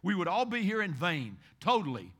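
Preaching at a normal speed with big swings in pitch, a man from Kentucky fills his sermon with a high, ringing voice. He climbs to urgent, loud appeals, then sinks to an intimate hush, repeating his key phrases for emphasis.

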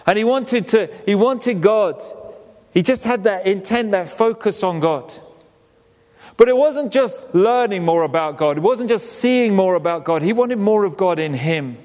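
A man preaching a sermon in a conversational way, acting out quoted voices and dropping low and quiet for emphasis. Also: lively intonation, measured pace. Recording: long reverb of a hall.

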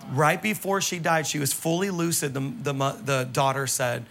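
A male pastor delivers his sermon with an animated, exclamatory storytelling style. His voice is bright and forceful and sits a little high, with a gravelly edge of vocal fry running through it. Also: moderate pace, a little hiss or hum. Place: church service.

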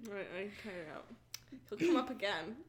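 A woman's voice: medium pitch, animated, moderate pace, a little hiss or hum. A young woman co-hosting a podcast, chatting casually in a giggly, teasing, rambling way. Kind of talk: casual chat.

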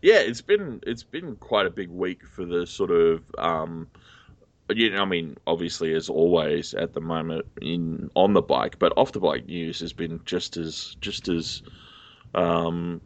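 A man co-hosts a podcast in casual chat, still in his low, groggy morning voice. He pokes fun at himself and laughs easily. The sound is close and dry, with no room around it. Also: measured pace, dry recording. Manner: groggy, self-mocking, laughs often. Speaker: podcast co-host.

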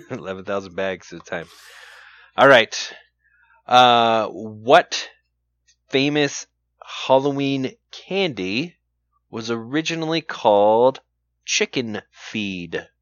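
A man's voice: mid-range voice, expressive, slow pace, long pauses, fairly bright tone, dry recording. A man hosting a casual chat and asking trivia questions, rambling with lots of "like" and "you know" and laughing often. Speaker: podcast host running trivia questions. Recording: dull lo-fi dry sound.

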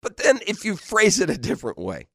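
A man hosts a sports radio show, his voice sitting a little high for a man. He banters playfully, laughing often and teasing with rhetorical questions. The studio sound is close and dry. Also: huge pitch swings, a little fast, a bit bright, no room sound. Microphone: studio microphone.

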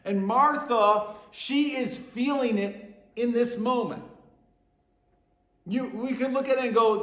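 A man preaching a sermon, animated, his voice dropping soft and low when he quotes Jesus. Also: slow, reverberant.

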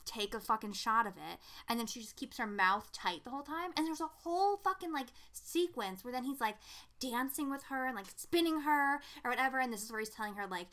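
A young woman co-hosting a casual podcast, her voice bright and sitting a little high. She talks in an animated rush, swearing freely and filling her sentences with "like.". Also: a little fast. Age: young adult. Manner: animated, profane, heavy use of "like". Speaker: podcast co-host. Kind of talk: casual chat.

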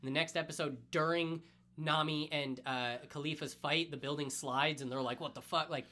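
A man co-hosting a podcast, excitedly retelling a story in casual chat and swearing freely. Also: on the high side, moderate pace. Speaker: podcast co-host. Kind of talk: casual anime recap chat.

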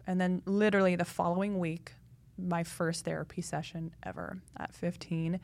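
A young woman, a podcast guest, chatting in a lively way full of fillers as she tells her story. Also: fairly low pitch, brisk. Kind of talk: casual interview talk.

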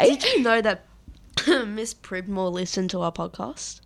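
A woman's voice: medium pitch, expressive, a little slow, fairly bright tone. A young woman co-hosting a casual chat podcast, chatty and easily sidetracked. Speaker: podcast co-host.

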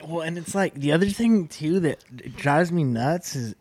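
A man's voice: fairly high pitch, lively intonation, measured pace, a little mellow, no room sound. A young college-student man in casual podcast chat, opinionated and ranting, with frequent swearing. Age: young adult.

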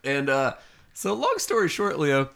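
A man's voice: a little high, wildly swooping pitch, measured pace, gravelly, a bit bright. A man co-hosting a casual podcast, joking and telling a tour story. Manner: wry, joking interjections. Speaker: podcast co-host.

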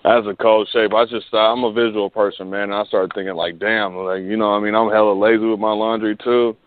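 A man in casual chat, slangy and quick to laugh, with a lowish voice. His words come through a thin, phone-like line with a faint hiss underneath. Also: level tone. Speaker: podcast co-host. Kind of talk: casual chat about battle rap.

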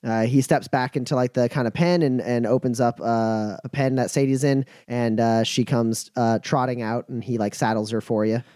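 Man, game master, halting with fillers, dry close sound, mid pitch. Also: steady tone, dark tone, dry recording. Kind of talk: narrating a tabletop game.

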